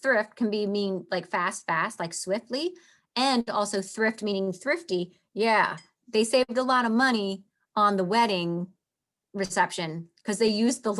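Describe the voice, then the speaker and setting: A woman explaining a text in a relaxed, chatty teaching style. She reads passages aloud and then unpacks them in everyday words. Her talk is full of fillers such as "like". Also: mid-range voice. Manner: chatty, reads lines aloud, says "like" often. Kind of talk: casual explanatory lesson.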